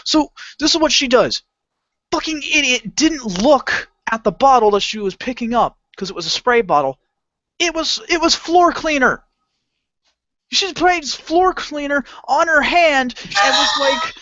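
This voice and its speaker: A man on a podcast telling a work story in casual chat, animated, swearing often and acting out his customers. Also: very high-pitched, a little slow, a little hiss or hum. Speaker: podcast co-host. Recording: dull lo-fi home recording.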